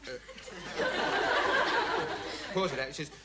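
A man's voice: on the high side, lively intonation, slow, a faint crowd, exaggerated voice. An actor playing a dim young male amateur investigator who rambles through a comic monologue with pointless asides. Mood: rambling. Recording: loud studio audience laughter, noisy broadcast. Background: studio audience laughing.

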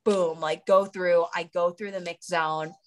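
A woman's voice: fairly low pitch, fairly even intonation, a little slow. A young woman from the United States, an Olympic runner, chatting casually as an interview guest, giggling often and filling her speech with "like". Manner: bubbly, giggly, fillers of "like".

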